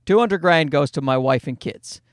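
A man hosting a solo comedy podcast, telling stories in an animated, swearing, voice-acting way. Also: a little high, normal speed, dry recording, clean studio sound. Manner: animated storyteller, swears freely, acts out voices. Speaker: podcast host. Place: Toronto.

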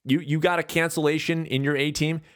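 A man in his forties from California, hosting a podcast and talking in a casual, animated, self-mocking rant. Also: a little high, a little fast, clear, resonant tone, dry recording, studio quality. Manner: animated, ranting, self-deprecating. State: out of breath. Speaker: podcast host. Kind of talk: casual monologue.

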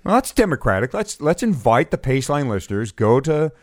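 A man's voice: mid-range voice, big pitch swings, a little fast, a little mellow, no room sound, studio quality. Wry joking male podcast host. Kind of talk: casual podcast chat.

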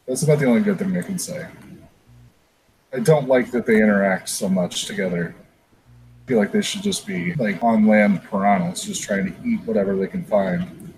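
A man's voice: fairly low pitch, sing-song, normal speed, creaky, darkish tone, poor audio. Guy hosting a podcast, annoyed and cussing a lot, faint background hiss. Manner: swearing, frustrated ranting. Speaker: podcast host. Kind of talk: casual chat.

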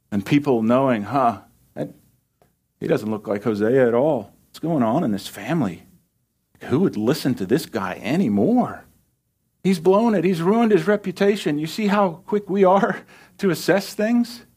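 Man giving a conversational Bible sermon. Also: medium pitch. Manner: conversational, emphatic, animated asides. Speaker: pastor.

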